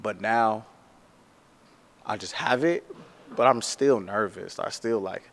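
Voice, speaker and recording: A man who works as a tattoo artist, telling a story in a casual, animated way, full of slang and "like". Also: on the low side, slow, gravelly, in a large hall.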